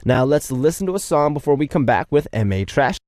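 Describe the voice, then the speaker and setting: A man's voice: medium pitch, animated, fairly quick, a little mellow, no room sound, studio quality. A young man hosting a radio show, reading out listener messages in a playful, chatty way and joking about himself.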